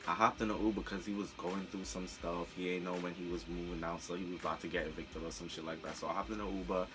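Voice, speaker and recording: A young man telling a personal story in a candid, profane, animated way on a storytime vlog. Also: low-pitched, quick pace, music in the background. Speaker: vlogger.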